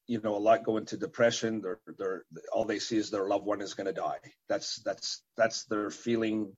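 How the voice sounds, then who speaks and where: A man with a husky, low voice answers interview questions haltingly, full of fillers and restarts. He talks as a parent and event organizer. The recording sounds dull and lo-fi. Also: darkish tone. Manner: halting, many fillers and repeated words.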